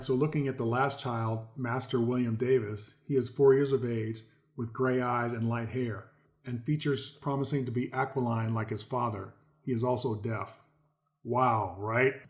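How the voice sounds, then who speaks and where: A man's voice: medium pitch, darkish tone. Emphatic man reading and commenting. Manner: emphatic, repeats key words for stress; addresses viewers as folks. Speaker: host. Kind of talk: commentary reading articles aloud.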